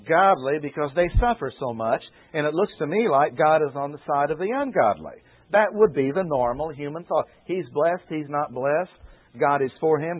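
A man preaching, giving a deliberate expository Bible lesson and repeating key phrases for emphasis. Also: a little high. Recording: tinny phone-like old radio recording.

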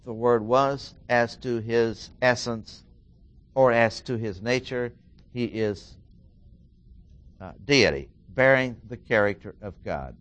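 Slow, deliberate male Bible teacher. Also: mid-range voice, a bit bright. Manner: deliberate, repeats key phrases with emphasis. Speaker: preacher.

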